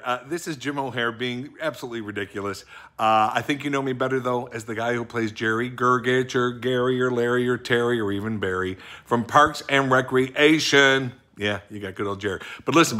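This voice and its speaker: A middle-aged actor recording a casual personal birthday video message, joking and then speaking earnestly. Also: male voice, medium pitch, pushed and bright.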